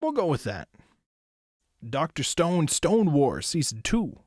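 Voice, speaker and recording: A young American man riffs on anime in a loose, rambling, chatty way, packing in filler words and swearing as an anime reviewer and streamer. His voice sits on the high side with big pitch swings and a darkish tone, and he takes things slowly. The studio-quality recording has no echo.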